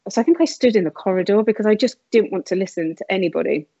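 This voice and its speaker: A woman telling a personal story in conversation, candid and emotional with quick asides. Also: medium pitch, mellow, no echo, highs cut off. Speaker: guest sharing her story.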